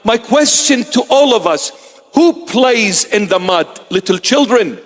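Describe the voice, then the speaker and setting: A male bishop preaches in a high, animated voice without hurrying. He tells stories and voices the characters himself, and the sound rings with long hall reverb.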